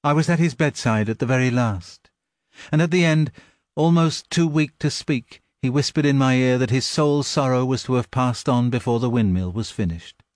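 A sly, smooth-talking male pig from a storybook, full of persuasive, mock-tearful piety, as a male narrator puts him on. He sits a little above his usual voice and keeps a soft, ingratiating tone. The sound is dry and close. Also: medium pitch, moderate pace, no room sound, lightly acted. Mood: sanctimonious.

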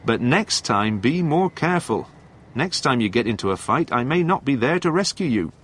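A man reading a storybook aloud and voicing a calm young lorry driver in a slightly raised, measured voice. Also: medium pitch, breathy edge.

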